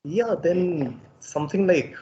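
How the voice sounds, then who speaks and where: A man's voice: sits high, lively intonation, takes it slowly, lo-fi sound, background noise. A man answering as a podcast guest, hesitant and thoughtful, with many ums. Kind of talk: casual podcast chat.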